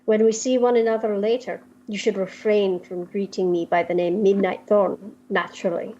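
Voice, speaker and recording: A woman's voice: mid-range voice, fairly even intonation, normal speed, warm tone, muffled recording, slight background noise, close to an everyday voice. A woman voicing a secretive female spy with a put-on Scottish accent, speaking formally and conspiratorially.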